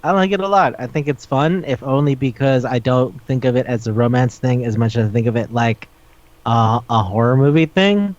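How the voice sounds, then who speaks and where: On a casual podcast, a male co-host gives a profane, exasperated rant about a manga, complete with acted-out quotes. His mid-range voice is a little mellow and moves at a moderate pace. Sound quality is dull and lo-fi.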